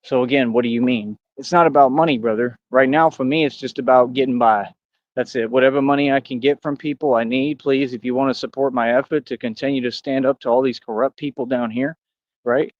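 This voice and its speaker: A man's voice: mid-range voice, fairly even intonation, fairly quick, no echo, dull audio. A man in a rambling livestream rant, boastful and combative, talking straight at his critics. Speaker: streamer.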